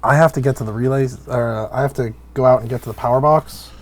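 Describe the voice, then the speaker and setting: A man narrating a tabletop horror game as game master, unhurried and hesitant with fillers. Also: mid-range voice, steady tone.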